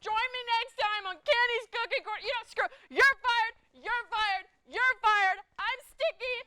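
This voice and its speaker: A woman's voice: very high-pitched, moderate pace, pushed and bright, dry recording. A woman playing a cheery cooking show host who grows frazzled and snaps at her crew. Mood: exasperated. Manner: cheery then exasperated, scolding crew. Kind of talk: sketch comedy acting. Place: TV studio set.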